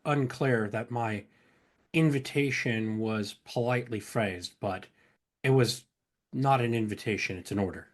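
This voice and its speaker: A man's voice: mid-range voice, unhurried. A man playing in a tabletop game, speaking in character in a polite, firm way with dry humor. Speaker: player.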